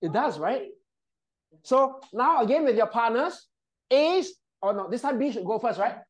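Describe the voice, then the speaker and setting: A woman's voice: a little high, lively intonation, moderate pace. A woman leading a live presentation workshop, giving upbeat instructions and often checking in with the group. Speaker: voice and presentation trainer. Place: training room with a group.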